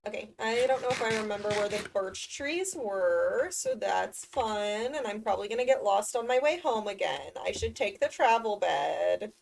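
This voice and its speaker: A woman's voice: medium pitch, animated, normal speed, vocal fry, hardly any pauses, far from the mic, a little hiss or hum. A woman streamer talking to herself during a game, swearing often and easily exasperated. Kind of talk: casual gameplay commentary.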